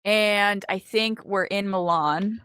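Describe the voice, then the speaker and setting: A young woman co-hosting a casual chat, telling a rambling story full of fillers and quick laughs. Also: mid-range voice, a bit bright, clear, resonant tone, no room sound. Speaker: co-host.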